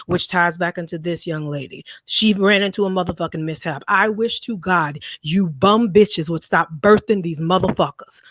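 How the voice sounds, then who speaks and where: Forceful woman caller, dry sound. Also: lowish voice, dry recording. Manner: forceful, profane, preachy. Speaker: guest caller. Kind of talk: heated commentary.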